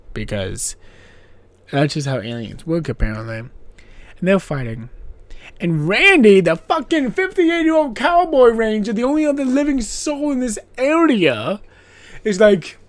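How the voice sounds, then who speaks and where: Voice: medium pitch, darkish tone, no echo. A podcast host recapping a horror film in a casual, profane, rambling way, with sarcastic asides and laughing at their own jokes.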